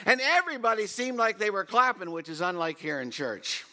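High, bright-voiced older preacher. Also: male voice, sing-song, a little fast. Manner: storytelling, sings snatches of hymns, builds to loud bursts. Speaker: pastor. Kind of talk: sermon.

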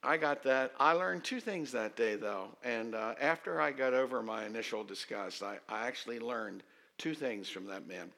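Gravelly, bright-toned pastor in his fifties. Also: mid-range voice. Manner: conversational and self-deprecating, with dramatic pauses. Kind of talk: storytelling sermon.

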